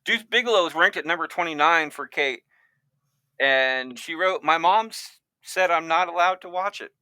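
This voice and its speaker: A man hosts a casual podcast chat with a strikingly bright, forward voice. He rambles and restarts his sentences often. The sound is dry and close. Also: a little high, normal speed, clear, resonant tone, no room sound. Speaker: podcast host.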